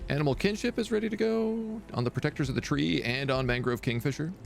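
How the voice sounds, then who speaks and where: A man's voice: on the high side, fast, creaky, soft background music. A man streaming a strategy game, chatting casually and reading game text aloud. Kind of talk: live gameplay commentary.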